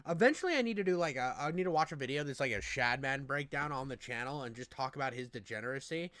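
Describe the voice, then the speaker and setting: A man's voice: medium pitch, lively intonation, quick pace, a bit bright, clean tone, no room sound. A young man giving crude, joking reaction commentary as co-host. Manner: crude, joking, says dude a lot.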